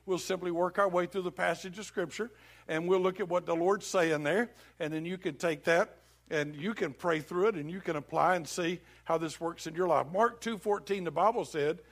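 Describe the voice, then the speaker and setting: A man preaches in a church, and his voice sits high. He tells folksy stories and jokes easily with the congregation between scripture readings. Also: moderate pace. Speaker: pastor. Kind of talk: sermon.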